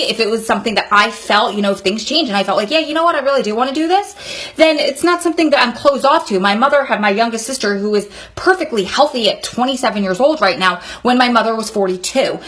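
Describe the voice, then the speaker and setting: Woman, thirties, fairly high voice, earnest, emphatic, talking straight to camera. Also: a bit bright. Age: 30s. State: sweaty, hot room. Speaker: vlogger. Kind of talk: emotional advice monologue.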